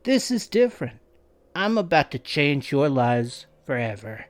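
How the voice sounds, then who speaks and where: A man's voice: a little high, big pitch swings, unhurried. Cocky prankster teen boy, read by a guy, brash and teasing. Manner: brash, mocking.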